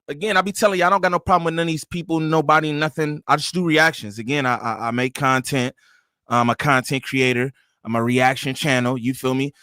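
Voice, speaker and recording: A man's voice: fairly high pitch, brisk, pushed and bright, no room sound, studio quality. A man hosting a reaction channel, giving joking, slangy commentary. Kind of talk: casual commentary.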